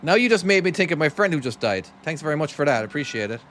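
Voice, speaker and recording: A man's voice: fairly high pitch, very animated, fast talker, a bit bright, slight background noise. Cork Irish man chatting on a live stream. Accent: Cork Irish, softened by years in America. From Ireland. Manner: chatty, thanks viewers, talks to himself while driving. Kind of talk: casual live-stream chat while playing.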